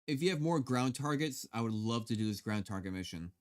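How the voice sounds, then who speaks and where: A man's voice: medium pitch, lively intonation, fairly quick, clean tone. A man live-streaming a game, chatting casually with viewers and swearing now and then. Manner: laid-back, swears casually, talks to viewers.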